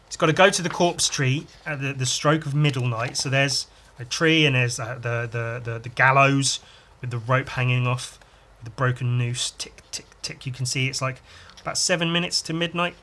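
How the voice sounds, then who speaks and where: A man's voice: mid-range voice, steady tone, normal speed, sharp tone, a little hiss or hum. A man hosting a podcast, chatting casually and enthusiastically while reading a comic and adding his own sound effects. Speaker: podcast host.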